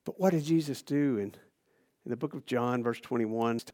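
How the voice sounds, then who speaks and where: A man preaching a sermon in a casual, conversational way, swinging between loud emphasis and hushed near-whispers. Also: mid-range voice, normal speed. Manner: casual, conversational phrasing with restarts.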